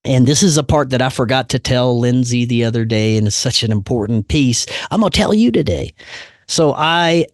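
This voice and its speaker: A man telling a personal story in casual chat, laid-back and saying "man" and "dude" a lot, doing animated voices for the people he quotes. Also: medium pitch, moderate pace, dry recording, studio quality.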